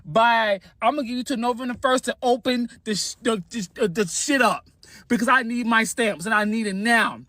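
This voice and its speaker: A man as a brash high-voiced food stamp ranter. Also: normal speed, no room sound. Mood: ranting. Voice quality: loud, brash, slangy. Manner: animated, swings between joking and serious. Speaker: person in a played social media clip. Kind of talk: rant and joke impression in a clip.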